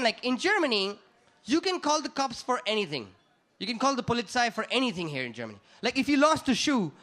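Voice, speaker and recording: A young man from India, doing a lively stand-up comedy set and acting out the people in his stories. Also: very high-pitched. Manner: animated storyteller who acts out the people in his stories.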